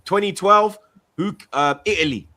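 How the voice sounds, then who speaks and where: A man co-hosting a football podcast, talking in animated, slangy casual chat. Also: high-pitched, normal speed.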